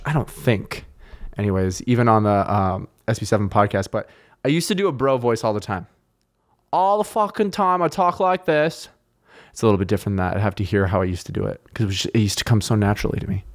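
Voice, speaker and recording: A young man talks alone into his podcast mic in a loose, rambling way. He pokes fun at himself and swears freely. His voice sits at an ordinary middle pitch. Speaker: podcast host. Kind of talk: casual solo podcast talk.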